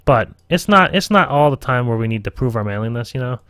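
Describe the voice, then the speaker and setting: A man's voice: mid-range voice, animated, moderate pace, pushed and bright, no room sound. A man running a casual live tutorial stream as game master, rambling, swearing and talking to himself at his computer. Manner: rambling, profane, self-talking.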